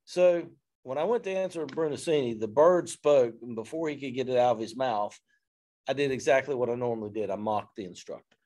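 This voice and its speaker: A man, a fire service instructor telling a story in an interview in an animated, self-deprecating way. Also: medium pitch, a little fast.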